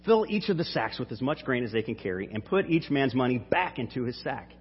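A man's voice: medium pitch, big pitch swings, brisk, a little hiss or hum. Man reading as a stern commanding ruler. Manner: firm, commanding. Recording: dull hall reverb.

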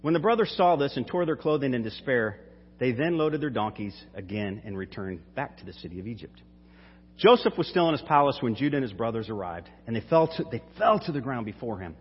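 Husky man preaching in a hall. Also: mid-range voice, animated, fairly quick. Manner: storytelling, retelling casually. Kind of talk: sermon with scripture reading. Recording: dull hall reverb.

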